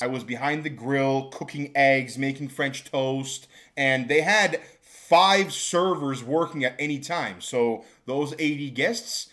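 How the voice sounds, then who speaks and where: A man telling a storytime vlog about a job, exasperated and ranting. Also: fairly high pitch. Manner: exasperated, builds to shouting rants. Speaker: vlogger telling a work story. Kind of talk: storytime monologue.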